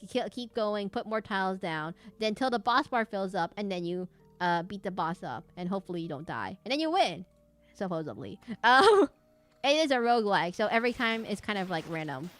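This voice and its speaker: A woman's voice: mid-range voice, very animated, fairly quick, soft background music. A young woman streaming a game and chatting casually, rambling off on tangents with lots of fillers and restarts. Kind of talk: casual gameplay stream chat.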